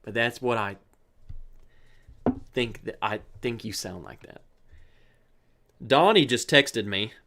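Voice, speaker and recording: A man's voice: medium pitch, slow, creaky, long pauses, pushed and bright, slight background noise. A man hosting a live stream, chatting casually and joking as he greets viewers by name. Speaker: livestream host. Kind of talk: casual live chat reading viewer comments.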